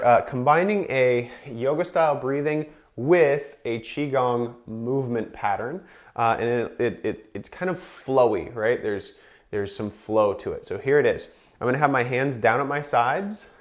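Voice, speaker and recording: Man, chair yoga instructor; slow and calm, counts breaths aloud, explains as he goes. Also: mid-range voice. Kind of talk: guided breathing class.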